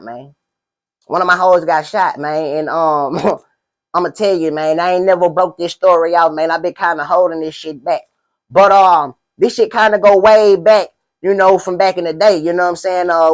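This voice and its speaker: In a comedic spoof interview, a man with a fairly high, natural voice plays a boastful, streetwise pimp. He rambles in slang and keeps asking "you know what I'm saying."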